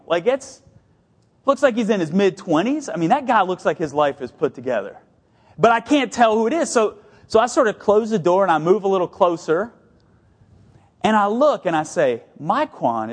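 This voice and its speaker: Male pastor, middle-aged, fairly high voice, storytelling sermon delivery that moves between brisk and deliberately slow.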